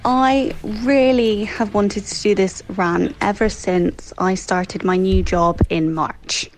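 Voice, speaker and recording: A woman's voice: mid-range voice, fairly even intonation, takes it slowly, background noise. A woman from England ranting with exasperation in a listener's voice note. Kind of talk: recorded voice note rant.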